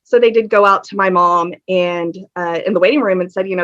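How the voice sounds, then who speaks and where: Talking quickly with hardly any pauses, a woman with a medium-pitched, slightly bright voice tells her story on a podcast, candid and earnest and full of ums. It's a casual interview. She's at home with a fan on, recorded in dull lo-fi sound.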